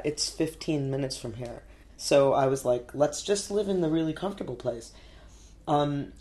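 A woman's voice: deep voice, dark tone. Woman guest, New York, casual storyteller, laughs often, filler-heavy. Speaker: artist guest.

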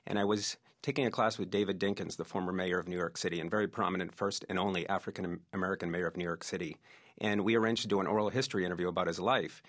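A man's voice: low voice, steady tone, fast, fairly bright tone. A man, a researcher and oral historian, eagerly telling anecdotes as an interview guest.

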